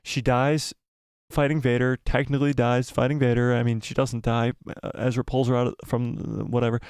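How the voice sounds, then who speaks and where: A man hosting a live watch-party stream, chatting excitedly, exclaiming and repeating himself. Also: mid-range voice, fairly quick, clean tone, no room sound, studio quality. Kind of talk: live watch-party chat, reading viewer comments.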